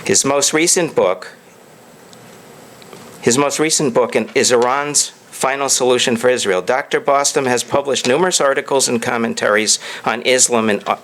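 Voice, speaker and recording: A man hosting an event, slowly reading out a guest's credits to an audience. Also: mid-range voice, a bit bright, a little hiss or hum, low-quality recording. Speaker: event host introducing a speaker. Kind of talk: speech to an audience.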